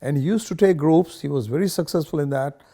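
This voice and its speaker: A man interviewed for a documentary, speaking in a halting, reflective way. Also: a little high, warm tone.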